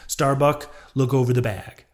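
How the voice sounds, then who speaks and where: A man voicing a grim, commanding old male sea captain giving gruff orders in a storybook reading. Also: medium pitch, normal speed, natural voice.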